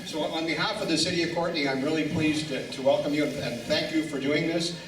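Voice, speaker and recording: Man, middle-aged, halting welcome speech, slightly high voice, far from the mic, echoey hall, noisy. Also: fairly even intonation. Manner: halting, repeats words at starts. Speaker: mayor giving a greeting. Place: banquet hall at a lunch event. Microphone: far room recording.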